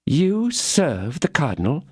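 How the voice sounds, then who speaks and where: A man voicing a fierce, scornful young woman in an audiobook, speaking in an indignant, cutting way with a raised pitch. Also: wildly swooping pitch, takes it slowly, slightly rough, no echo, studio quality, full character voice. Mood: questioning.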